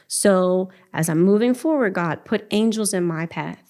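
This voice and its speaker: A woman's voice: mid-range voice, normal speed, few pauses, warm tone. A middle-aged woman giving an earnest, emotional personal testimony as a podcast guest, speaking with faith and quoting her own prayers.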